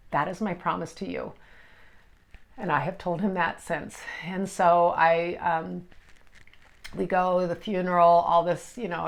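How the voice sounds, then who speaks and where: Soft-toned middle-aged woman telling a personal story. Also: fairly low pitch. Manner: emotional, halting, with many restarts. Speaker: energy healer.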